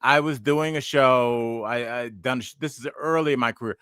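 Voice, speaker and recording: This stand-up comedian in his forties, who also hosts a podcast, talks casually and tells stories that ramble and digress. He speaks at normal speed in a medium-pitched, fairly bright, clean-toned voice, captured in clean studio sound with no echo.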